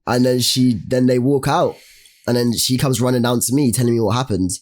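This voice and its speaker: A young man, co-hosting a podcast and telling a story in casual, animated chat full of slang. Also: medium pitch, brisk. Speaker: podcast co-host.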